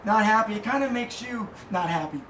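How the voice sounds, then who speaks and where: A man giving a casual motivational monologue as a podcast host, rambling and halting with many fillers. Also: high-pitched, animated, sharp tone. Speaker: podcast host and small business owner. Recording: echoey room, distant mic, faint noise.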